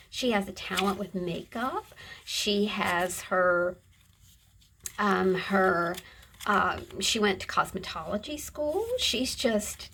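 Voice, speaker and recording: A middle-aged woman hosting a casual craft video, chatting in a soft, rambling way as she shows her handmade books. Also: medium pitch, vocal fry, a little hiss or hum, poor audio. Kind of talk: casual show-and-tell chat.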